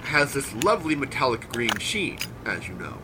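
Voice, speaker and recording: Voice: mid-range voice, sing-song, moderate pace, noisy background, lightly acted. Actor as an eager bumbling inventor. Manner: eager, showy. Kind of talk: audio drama acting.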